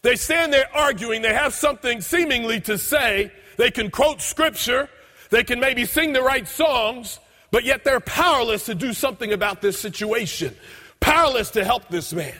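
A man preaches a sermon in a high, husky voice, retelling scripture with emphatic, drawn-out quotes. The sound rings with long reverb from a large hall. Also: lively intonation, bright, forceful tone.

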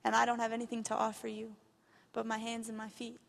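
A young woman with a fairly high voice delivers an earnest missionary testimony in a church hall, speaking fast and completely flat with vocal fry. A long reverb tail trails her words as she grows impassioned retelling a story in this testimony sermon.

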